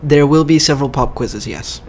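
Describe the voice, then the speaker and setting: A man's voice: on the high side, moderate pace, a little mellow, a little hiss or hum. A man casually commenting over his own gameplay, cracking dry jokes and rambling through side remarks. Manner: dry, joking, rambling asides. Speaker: let's play host.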